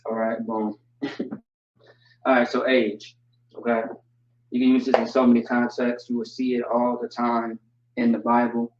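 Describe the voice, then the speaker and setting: This is a medium-pitched male teacher running a language class over the internet, joking casually and spelling each word out slowly. The sound is dull and roomy, as if the mic sits far away.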